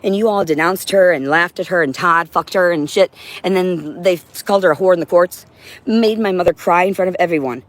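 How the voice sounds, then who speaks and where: A woman on a livestream in an agitated, profane, rambling monologue, now and then talking to her cat. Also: lowish voice.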